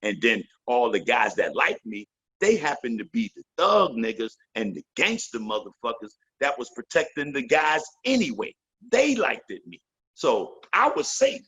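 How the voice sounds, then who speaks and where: A man's voice: medium pitch, wildly swooping pitch, normal speed, a bit bright, husky. A man in his fifties, a veteran MC guest in a casual interview, telling loose, profane stories and slipping into the voices of the people he quotes.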